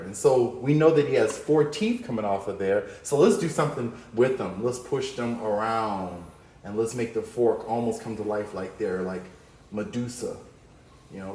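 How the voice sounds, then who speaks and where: A man's voice: on the low side, darkish tone. Playful man teaching drawing, echoey room. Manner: upbeat, playful, talks while drawing. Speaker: art teacher. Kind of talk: drawing lesson.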